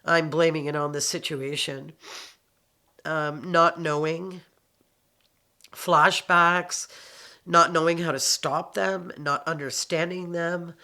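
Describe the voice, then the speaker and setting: A middle-aged woman from Canada tells her own story in a slow, unhurried testimony. Her voice is bright and edged, with a gravelly fry running through it. She talks haltingly, stopping to reflect and filling gaps with ums. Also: lowish voice. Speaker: abuse survivor telling her story. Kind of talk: personal testimony.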